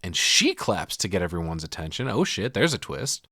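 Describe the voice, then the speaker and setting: A man's voice: deep voice, big pitch swings, normal speed, pushed and bright, breathy edge, no echo, clean studio sound. Schunnig vertellende man met lage stem. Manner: profane, retells scenes acting out lines. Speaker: podcast host. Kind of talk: casual film recap with acted quotes.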